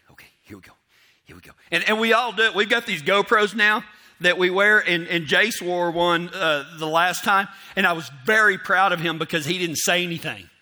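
A man's voice: high-pitched, sharp tone. A man telling rambling, self-mocking stories to an audience. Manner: rambling and self-mocking, acts out his inner voice in quotes. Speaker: storyteller speaking to an audience. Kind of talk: casual storytelling.

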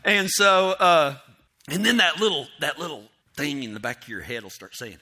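This storyteller speaks casually to an audience at a moderate pace, his voice on the high side with a pushed, bright quality. His stories ramble and poke fun at himself, and he voices his own inner thoughts as quotes.

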